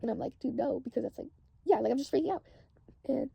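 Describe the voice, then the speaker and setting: A woman's voice: sits high, fast, gravelly, breathy edge, no echo, highs cut off. A woman casually recounting a dream, rambling and saying "like" constantly.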